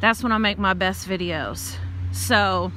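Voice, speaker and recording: A woman's voice: medium pitch, unhurried, bright, forceful tone, slight background noise. Winded middle-aged woman vlogging outdoors. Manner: chatty, laughs often, rambles into rants. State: out of breath. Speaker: vlogger and tarot reader. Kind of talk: casual vlog while walking. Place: outdoors, walking.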